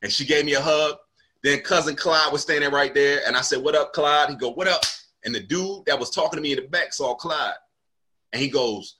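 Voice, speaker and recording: Casting note: male comedian, bright, fairly high voice, lively storyteller who plays out every quote. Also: a little fast. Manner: animated storyteller acting out quotes. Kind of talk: casual storytelling chat.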